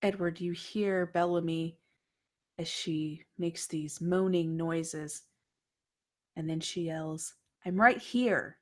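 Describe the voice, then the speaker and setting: Woman, game master, slow hushed narration, lowish voice, whispery. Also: level tone. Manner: hushed, dreamy storytelling that drops to whispers. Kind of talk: narrating a tabletop horror game.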